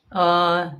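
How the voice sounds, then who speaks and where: Irish woman, casual live-stream chat, slow unhurried pace, low-ish voice, playful asides. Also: pushed and bright, slight background noise. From Ireland. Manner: chatty and playful, with mumbled asides to herself and bursts of giggling. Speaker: livestreamer.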